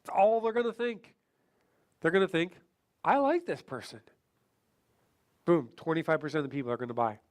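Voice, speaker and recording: A man's voice: on the high side, very animated, fast talker. A man leading a sales training seminar. He keeps asking the audience questions and acts out other people's voices to show his points.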